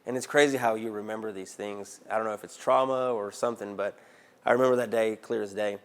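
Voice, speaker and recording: A man with an Arkansas accent, Spanish his first language, telling his life story in an interview in a lively conversational way. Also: fairly low pitch, quick pace. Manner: animated, conversational, asks "right?" often. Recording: music playing underneath.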